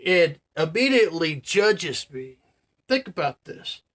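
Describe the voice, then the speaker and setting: Guy ranting to his camera, swears a lot, slightly high voice, keeps checking in with viewers. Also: very animated, measured pace, fairly bright tone. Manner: profane, ranting, addresses viewers directly. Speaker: vlogger. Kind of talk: casual storytelling rant to camera.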